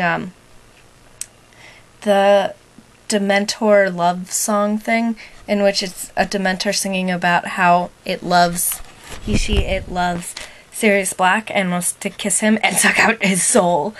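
Young woman vlogging to her bf, rambly and excited, medium pitch. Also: poor audio. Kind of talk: casual video diary to a partner.

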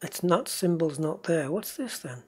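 A man's voice: a little high, lively intonation, measured pace, husky. A man from northeast England, with a faint accent from there, chatting casually as he plays a truck game and answers viewers. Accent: faint northeast English. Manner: chatty, talks to himself and chat while driving. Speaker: gaming channel host. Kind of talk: casual gameplay commentary.

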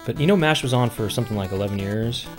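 Male streamer, mid-pitched, rambling casual chat over faint game music. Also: quick pace. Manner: rambling, hums and sings tunes loudly and high. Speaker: streamer playing a retro game. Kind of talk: casual chat while gaming.

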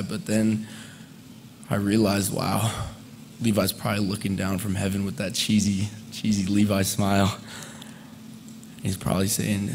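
A man in his twenties speaking as a friend at a memorial service, conversational and halting, with fillers and soft laughs. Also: lowish voice, little pitch movement, slight background noise. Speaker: eulogist, friend of the deceased. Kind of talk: memorial eulogy. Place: memorial service hall, indoors.

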